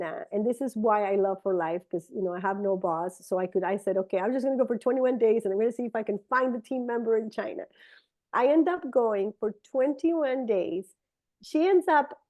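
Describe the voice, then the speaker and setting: A middle-aged woman, a native Spanish speaker, telling a personal story in a casual, animated way and jumping into high, excited voices when she quotes people. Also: moderate pace. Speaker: speaker sharing a testimony.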